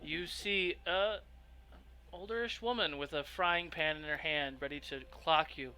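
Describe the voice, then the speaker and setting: Bright-voiced male game master. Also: fairly high pitch, measured pace, smooth, poor audio. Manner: loose, filler-heavy, descriptive. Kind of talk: narrating a tabletop game.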